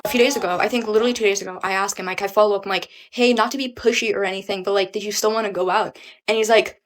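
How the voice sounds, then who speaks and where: A woman's voice: mid-range voice, fast, soft background music. A young woman venting to camera in an exasperated, profane way, full of rhetorical questions.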